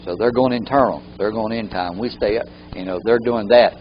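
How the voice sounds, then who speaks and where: A man's voice: fairly low pitch, fairly quick, dull audio, slight background noise. A man teaching a live training workshop, often repeating key phrases for emphasis.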